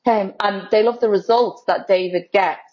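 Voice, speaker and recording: A woman's voice: mid-range voice, moderate pace, a little mellow, dull audio. Chatty laughing woman guest. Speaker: guest, lookalike model. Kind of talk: casual interview chat.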